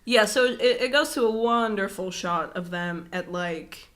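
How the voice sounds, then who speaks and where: A young woman co-hosting a podcast in casual chat, animated, swearing, laughing and using lots of fillers. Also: mid-range voice, measured pace. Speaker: podcast co-host.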